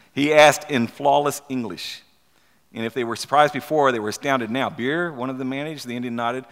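A man preaching a storytelling sermon, halting and repeating words as he asks rhetorical questions and reads aloud from a book. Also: mid-range voice, fairly even intonation, vocal fry, a bit bright. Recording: long hall reverb.

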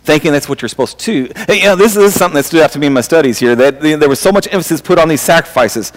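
High-voiced man preaching in a reverberant hall. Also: lively intonation, racing. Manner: conversational preaching with many restarts and rhetorical questions. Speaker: pastor. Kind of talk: sermon.

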